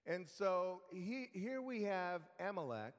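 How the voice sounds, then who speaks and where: A man teaching a Bible study lesson in a relaxed, conversational way, with fillers and restarts. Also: high voice, slow pace, big-room sound.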